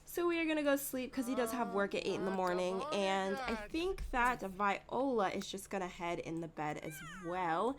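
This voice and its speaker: Woman host, casual gameplay commentary, mid-pitched voice, chatty and giggly, speaks to viewers directly. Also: expressive, normal speed, few pauses, crowd noise.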